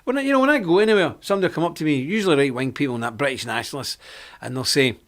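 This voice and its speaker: A man's voice: a little high, racing. A man hosting a live online report, delivering a combative, preachy monologue and repeating his points for emphasis.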